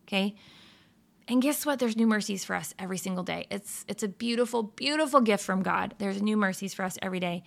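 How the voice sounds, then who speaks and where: A woman's voice: medium pitch, lively intonation, brisk, vocal fry, a bit bright. A woman giving casual devotional encouragement, speaking earnestly, firing off rhetorical questions and laughing at her own slips.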